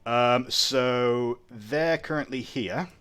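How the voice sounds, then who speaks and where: A man's voice: medium pitch, extremely slow, clear, resonant tone. A man narrating as game master of a tabletop game. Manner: lively narration, stumbles on map tools.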